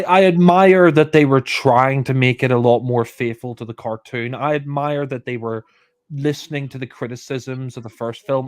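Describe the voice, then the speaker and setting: A man casually commentating on a film and often repeating himself as he hesitates. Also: mid-range voice. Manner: hesitant, stumbles and repeats words.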